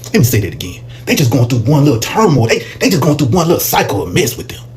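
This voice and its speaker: Fired-up guy ranting fast, voice jumping all over, kinda preachy. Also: medium pitch, a little hiss or hum. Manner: preachy, animated, mocking put-on quotes. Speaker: reaction channel host. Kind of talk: heated commentary.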